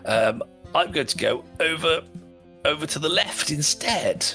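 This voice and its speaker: A man's voice: fairly high pitch, animated, a little slow, sharp tone, soft background music. A man chatting casually as a player in a tabletop game, playful and scheming.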